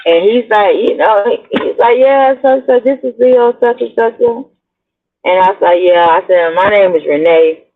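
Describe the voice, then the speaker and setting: A middle-aged woman hosting her own show, telling a personal story in a rambling, chatty way and talking straight to her listeners. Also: lowish voice. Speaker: blogger host. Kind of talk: casual storytelling to viewers. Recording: tinny phone-like audio.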